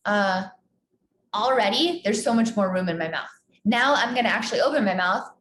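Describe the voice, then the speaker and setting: A woman voice teacher talks her students through questions on a live video call, warm in intent and full of fillers. Her voice sits at a middle pitch. The room is roomy and echoey, with a faint hum behind her. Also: normal speed. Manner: chatty, encouraging, many fillers and restarts. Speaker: singing teacher. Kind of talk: live online Q&A lesson.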